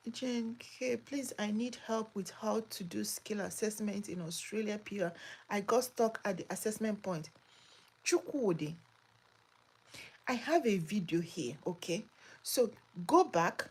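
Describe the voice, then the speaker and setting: A woman's voice: mid-range voice, darkish tone, husky. A woman hosting a live chat from home, answering viewer comments with emphatic, exclamatory talk that keeps repeating itself. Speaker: migration advice channel host. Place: home in Australia.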